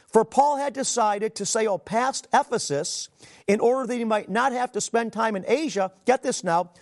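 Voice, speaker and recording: A man's voice: very high-pitched, moderate pace. A middle-aged man preaching a sermon, reading scripture aloud and addressing listeners directly with earnest emphasis. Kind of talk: sermon teaching.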